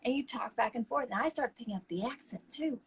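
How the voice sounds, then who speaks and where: A woman co-hosting a talk show, telling stories in a lively, chatty way. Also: fairly high pitch, fast talker, slight background noise, low-quality recording. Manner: animated, chatty, acts out quoted people. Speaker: co-host. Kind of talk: casual chat, personal storytelling.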